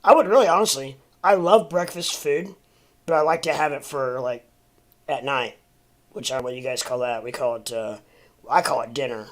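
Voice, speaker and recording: A man's voice: medium pitch, moderate pace. An American man chatting casually on a livestream, rambling with lots of fillers and restarts, and talking to his dog in between. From United States. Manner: talks to his dog mid-stream. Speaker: crypto livestream host.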